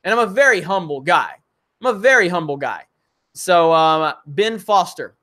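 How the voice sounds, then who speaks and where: A man's voice: high voice, lively intonation, normal speed, pushed and bright. A man hosting a casual live stream, reading viewer messages aloud, laughing often and talking loosely with many fillers. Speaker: livestream host reading super chats.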